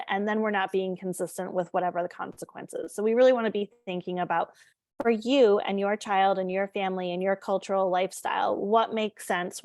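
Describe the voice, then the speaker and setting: A woman leads a relaxed, conversational parenting lesson, speaking candidly and often checking in with her listeners. Her voice is recorded close and dry, with no room sound around it. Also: medium pitch, no room sound. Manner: conversational, candid, frequent fillers and check-ins. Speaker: parenting educator. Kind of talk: informal parenting presentation.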